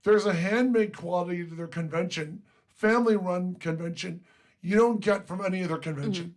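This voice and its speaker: A man's voice: high voice, a little fast. A man hosting a talk radio show, chatting casually and adding asides and trivia. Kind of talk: casual chat.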